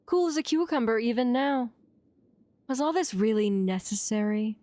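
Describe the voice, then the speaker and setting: A woman's voice: a little high, lively intonation, moderate pace, warm tone, dry recording, pitched above the performer's own voice, natural voice. A woman voicing a cool, scheming female spy with a teasing manner. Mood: mocking.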